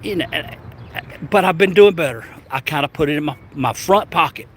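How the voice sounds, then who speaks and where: A man's voice: a little high, fairly quick. Southern guy rambling thru a travel story, lots of stammers and restarts, faint car hum behind. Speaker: travel vlogger. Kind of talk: casual storytelling.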